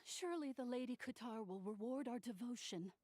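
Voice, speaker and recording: A woman's voice: on the high side, brisk, darkish tone, no room sound, natural voice. A woman voicing an anxious, devout female villager and mother, hesitant and pleading.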